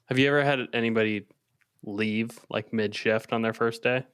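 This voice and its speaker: A man co-hosting a laid-back podcast rambles through stories and laughs often. His voice is smooth and resonant, recorded dry and close. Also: on the low side, steady tone, moderate pace, fairly bright tone, no room sound. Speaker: podcast co-host, chef. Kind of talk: casual podcast chat.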